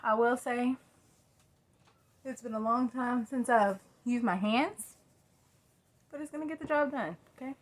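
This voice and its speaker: A woman's voice: fairly high pitch, measured pace, pauses often. A young woman with a drawl talks casually to her phone camera at home. She rambles, laughs at herself and chats with her viewers while she does her makeup. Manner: chatty, rambling, self-deprecating. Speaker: vlogger. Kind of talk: casual get-ready-with-me chat. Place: at home by a mirror.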